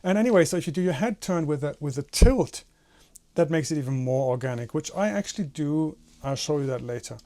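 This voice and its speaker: A man's voice: a little high, animated, a little fast, warm tone. A man teaching animation in a tutorial, explaining step by step and demonstrating with his own head and hands. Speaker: animation instructor.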